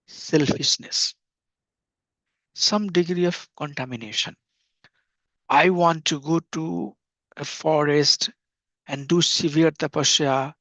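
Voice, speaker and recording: A man's voice: a little high, a bit bright, no room sound. A middle-aged man teaching a devotional class earnestly, repeating phrases for emphasis. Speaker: spiritual teacher. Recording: dull lo-fi dry recording.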